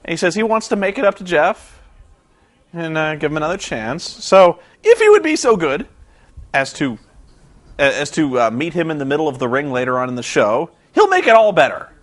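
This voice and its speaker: A man's voice: on the high side, wildly swooping pitch, normal speed. A young man vlogging about a wrestling show, exasperated and sarcastic, rambling with restarts. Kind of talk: casual ranting commentary.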